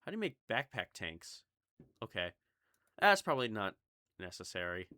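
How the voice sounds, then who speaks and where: A man's voice: on the low side, big pitch swings, moderate pace, sharp tone, no room sound. A young man with a slight Southern US accent from Kentucky, rambling and swearing through casual gameplay commentary. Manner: rambling, swearing, jumpy, chatty. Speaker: gaming YouTuber.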